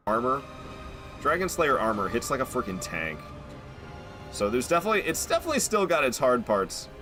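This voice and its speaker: Male gaming commentator, lively and profane, jokey, quick laughs, music bed behind. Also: medium pitch. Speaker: gaming YouTuber. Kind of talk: casual gameplay commentary.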